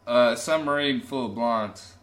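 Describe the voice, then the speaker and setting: A man's voice: medium pitch, measured pace, very noisy. A man co-hosting a casual podcast chat, telling jokes and laughing at his own punchlines. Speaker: podcast co-host.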